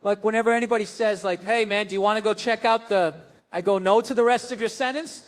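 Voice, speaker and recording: A man doing stand-up in a raised, high-pitched register, ranting with sardonic exasperation. He switches into quick acted-out voices of the people in his stories between his grumbling complaints. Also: fairly even intonation. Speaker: stand-up comedian. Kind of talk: stand-up comedy set.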